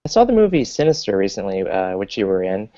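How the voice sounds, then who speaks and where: A man interviewing an actress, asking measured questions with frequent "uh" fillers. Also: lowish voice, big pitch swings, mellow, muffled recording.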